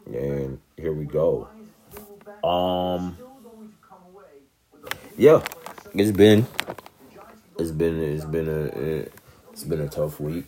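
Very deep, slow-talking man vlogging. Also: dark tone. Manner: laid-back, rambling, keeps asking "you know what I'm saying". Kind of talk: casual talk to camera.

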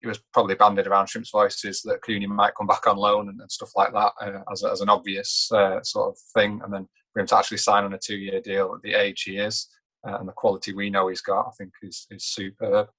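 A man with a low voice and a flat, level delivery. He talks football casually, in a measured and hesitant way, and he often pauses to gather his words. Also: husky. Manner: measured, hesitant, many fillers and restarts. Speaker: podcast co-host.

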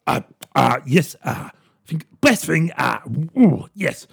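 A man voicing a blustering, stammering posh male prime minister, halting with ums and uhs. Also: a little high, very animated, gravelly, a bit bright, breathy edge, full character voice. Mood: bumbling.

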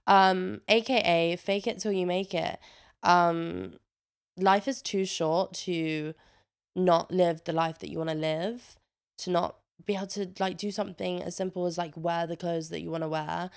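A woman's voice: lowish voice, fairly even intonation, measured pace, creaky, smooth. A young woman, chatting in a casual vlog, swearing freely and saying "like" a lot, a little congested. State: a bit congested. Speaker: vlogger. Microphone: own microphone with a noise gate.

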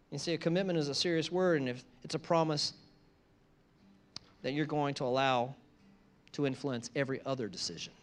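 A man preaching a sermon, moving from conversational asides to loud, emphatic repeated phrases. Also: on the high side, fairly quick, pauses often. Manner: conversational asides between scripture lines. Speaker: pastor.

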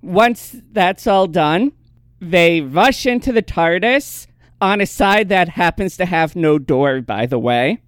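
Co-host, recaps plot at a relaxed pace, smooth clear tone, dry close sound. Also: mid-range voice, takes it slowly, dry recording. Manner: laughs often, narrates the plot step by step. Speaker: podcast co-host recapping episodes. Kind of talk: casual recap chat.

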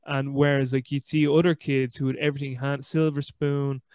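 A man's voice: medium pitch, normal speed, no room sound. A man hosting a casual podcast conversation, telling stories in a rambling way with frequent restarts. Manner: rambling, restarts often, animated storytelling. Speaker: podcast host.

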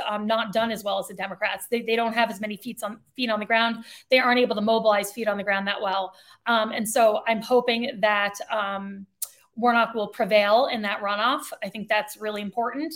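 A woman's voice: on the high side, a bit bright. A woman co-hosting a podcast, chatting casually about politics in an opinionated, sarcastic way. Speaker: podcast co-host.

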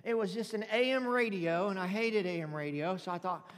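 A man preaching a sermon to a congregation, calling out for amens and exclaiming loudly between points. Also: high-pitched, fairly quick. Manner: preaching with loud exclamations and call-outs. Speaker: pastor. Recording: music under reverberant hall.

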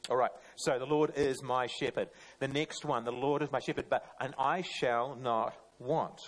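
A man's voice: medium pitch, steady tone, normal speed, poor audio. Male preacher, earnest, conversational, loose delivery with frequent restarts. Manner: earnest, plain-spoken, often restarts mid-phrase. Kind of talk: conversational sermon.

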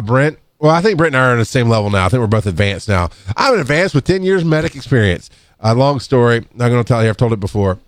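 A middle-aged man, an EMT and podcast co-host, telling rambling work stories in casual chat and jumping up in pitch to act out other people's lines. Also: no room sound, studio quality. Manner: rambling, restarts, acts out quotes in a higher voice. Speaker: podcast co-host, EMS worker. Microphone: studio microphone.

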